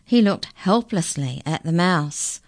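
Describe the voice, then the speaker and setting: Lady reading a kids story real slow, low voice, dry close sound. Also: dry recording. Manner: unhurried, expressive reading. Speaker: children's story reader.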